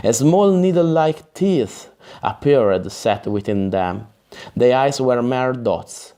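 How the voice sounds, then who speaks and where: Slow, careful male audiobook narrator. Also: medium pitch, dark tone. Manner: careful, measured reading with occasional restarts. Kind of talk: reading a fantasy novel aloud.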